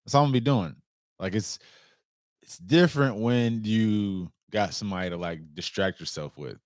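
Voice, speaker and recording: A man in his young adult years, chatting casually to his viewers as an outdoor vlogger in a loose, animated way and swearing freely. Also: on the low side, moderate pace, no echo, clean studio sound. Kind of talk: casual chat to camera.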